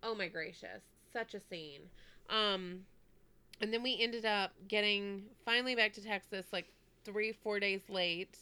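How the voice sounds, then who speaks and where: A podcast co-host with a bright, crisp, smooth medium-pitched voice talks a little slowly as she works through a long personal story. Her chatty, easygoing delivery is full of "like," and she keeps looping back with "anyway."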